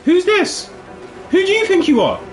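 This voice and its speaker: Excitable man commenting on gameplay. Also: extremely high pitch, moderate pace, noisy background. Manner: excitable, trash-talking, with sudden drops to muttering. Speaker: gaming video host.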